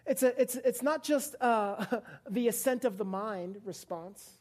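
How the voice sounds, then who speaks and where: At a church service, a young woman preaches a casual, playful sermon to a live congregation, chatting with them, laughing often and acting out little scenes. Her voice is fairly high, unhurried and a little mellow.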